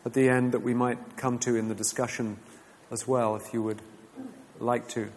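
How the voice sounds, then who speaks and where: A man teaching a group in a measured, earnest way, giving a reflective talk and then opening it up for discussion. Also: mid-range voice, little pitch movement, a little mellow, in a large hall.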